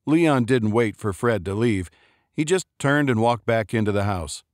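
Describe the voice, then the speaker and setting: A man reading a short story aloud as an audiobook narrator, in a steady, measured way. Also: medium pitch, dry recording, studio quality. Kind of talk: scripted narration.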